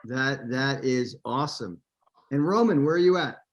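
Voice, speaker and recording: A man's voice: mid-range voice, normal speed, highs cut off. A man hosting a virtual wine tasting over a video call, upbeat and chatty with plenty of fillers. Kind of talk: casual hosting.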